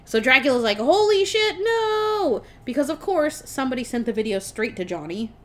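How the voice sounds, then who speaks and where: A young adult woman on a podcast, casually retelling a film plot with lively swearing and laughter. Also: fairly high pitch, fast talker. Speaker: podcast co-host reviewing a film. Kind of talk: casual chat.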